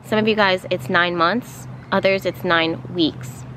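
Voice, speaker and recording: Lower-voiced woman giving a spiritual reading outdoors. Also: steady tone, a little slow, a little hiss or hum. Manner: meandering, with frequent fillers and soft laughs. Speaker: spiritual card reader. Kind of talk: casual channeled reading. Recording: outdoor ambience with passing vehicles. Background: outdoor ambience and vehicles.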